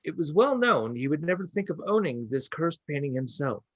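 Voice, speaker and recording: Wry male podcast host, animated reader, dry sound. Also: fairly high pitch, a little fast, no room sound, muffled recording. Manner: wry, storytelling delivery with asides. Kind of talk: reading a prepared story with banter.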